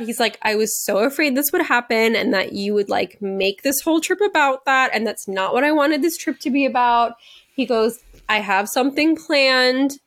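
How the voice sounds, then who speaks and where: A woman's voice: high-pitched, moderate pace, fairly bright tone. A young woman co-hosting a podcast, telling a story in a casual chat and laughing often. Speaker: podcast co-host. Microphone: video call.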